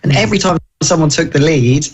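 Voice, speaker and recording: A man's voice: on the high side, fast, breathy edge. A man co-hosting a casual motorsport radio chat, chatty and wry. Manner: chatty, wry, chuckling asides.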